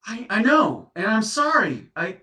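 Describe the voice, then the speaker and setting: A man's voice: high-pitched, sing-song, a little slow, bright, forceful tone, full character voice. A man acting as a guilt-ridden serial dumper confronted by an ex's ghost, stammering through flustered apologies in a comedy sketch. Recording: echoey room, distant mic.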